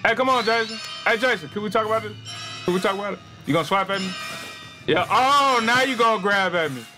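A man streaming a game live, excitable and swearing a lot as he yells at the game, with game music behind him. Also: high-pitched, fast. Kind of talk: live gameplay commentary.

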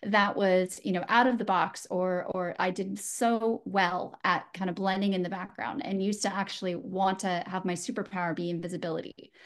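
A woman speaks as a guest, telling a personal story in an earnest, reflective way. Her pitch sits in an ordinary middle range for a woman, and she often pauses, restarts and adds small fillers as she goes. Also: steady tone. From San Francisco, USA. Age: adult.

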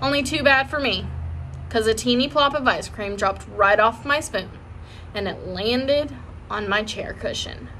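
A woman reading a children's chapter book aloud in a lively, expressive way. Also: fairly high pitch, measured pace, slight background noise. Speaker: audiobook reader. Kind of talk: storybook read-aloud.

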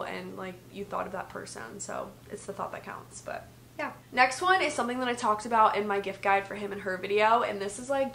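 A woman's voice: mid-range voice, fairly bright tone, slight background noise. Chatty young woman vlogger. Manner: chatty, says "like" a lot. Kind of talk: casual gift-guide vlog chat. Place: bedroom at home. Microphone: vlog camera.

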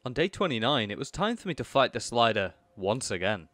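A young man commentating a video game, excitable, chatting to enemies and pets and swinging from low mutters to high exclamations. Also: brisk. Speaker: gaming YouTuber. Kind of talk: live gameplay commentary.

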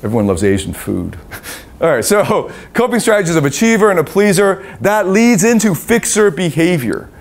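Man, middle-aged, relationship coach, live seminar, casual cursing, wide pitch swings. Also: normal speed, vocal fry. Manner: animated and profane, acting out the voices of babies and parents.

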